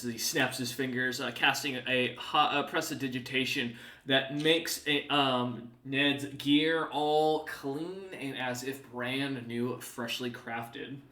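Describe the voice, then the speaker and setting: Male game master, bright and rambling in his descriptions, recorded in a reverberant room. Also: medium pitch, steady tone, slow pace, few pauses. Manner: loose, filler-heavy scene description. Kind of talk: narrating a tabletop game.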